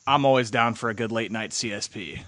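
A man's voice: on the low side, brisk, fairly bright tone. A young American man hosting a podcast, chatting in an easygoing, upbeat, joking way. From United States. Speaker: podcast host. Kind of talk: casual chat.

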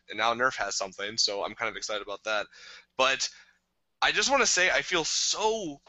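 A man in casual podcast conversation with a strikingly bright, edgy voice. He is recorded close and dry, with no room sound. He talks in loose, rambling runs and breaks into laughter often. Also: medium pitch, no echo, rough recording. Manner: chatty, laughs often, drawn-out rants. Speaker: podcast co-host.

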